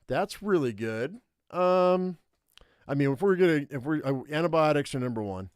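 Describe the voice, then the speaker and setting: A man's voice: fairly high pitch, expressive, normal speed, clear, resonant tone, dry recording, studio quality. Man thinking aloud over game choices. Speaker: streamer. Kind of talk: reading an interactive story aloud with live commentary.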